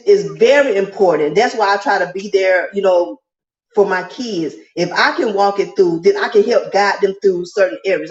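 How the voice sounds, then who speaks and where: Woman, interview guest, earnest and reflective, mid-pitched, dull lo-fi echoey audio. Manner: earnest, reflective, speaks of guiding her kids. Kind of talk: casual interview.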